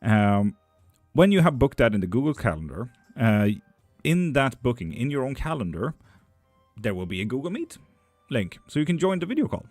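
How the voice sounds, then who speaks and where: A man's voice: medium pitch, sing-song, moderate pace, darkish tone, no echo, faint music behind. A man reading tarot and bones on a live stream. He reads viewer questions aloud in a lifted voice, then answers them in a dry, teasing way in casual chat.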